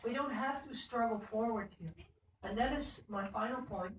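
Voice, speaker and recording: A woman's voice: on the high side, moderate pace. Middle-aged woman, chatty devotional talk, roomy echo, set back from the mic. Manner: conversational, addresses listeners by name. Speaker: speaker at a temple Sunday program. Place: temple hall. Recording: echoey room, speaker far from mic, faint noise.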